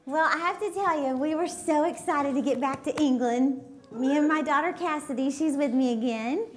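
A woman's voice: sits high, moderate pace, background noise. A middle-aged woman, telling a chatty, giggly story as a guest speaker to a live church audience. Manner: bubbly, giggly, animated. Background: audience laughter.

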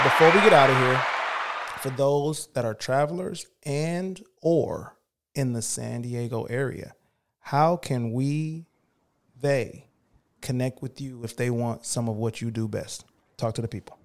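A man hosting a podcast in easy, slangy conversation. His voice sits in a medium register, and he gets lively and theatrical when he reads lines aloud. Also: mid-range voice, measured pace, background noise. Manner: laid-back, slangy, animated when reading aloud. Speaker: podcast host. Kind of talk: casual chat.

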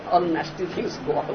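High-voiced slow guru prodding listeners. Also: male voice. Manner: repetitive, emphatic, often asks "huh?". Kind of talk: devotional lecture with disciples. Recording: muffled noisy archival recording.

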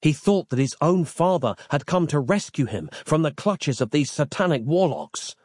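Male narrator, lively melodic delivery, theatrical storytelling, dry close recording. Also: a little high, normal speed, husky, dry recording. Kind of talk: scripted audiobook narration.

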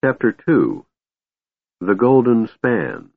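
A man reading a fantasy audiobook as an expressive storyteller, on a tinny, dry recording. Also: fairly low pitch, slow pace, creaky, no room sound. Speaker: audiobook narrator. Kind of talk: scripted audiobook narration.

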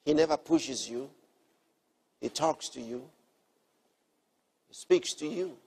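A man preaching a sermon, earnestly teaching and repeating key phrases, moving between soft, quiet lines and emphatic ones. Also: on the high side, takes it slowly, husky.

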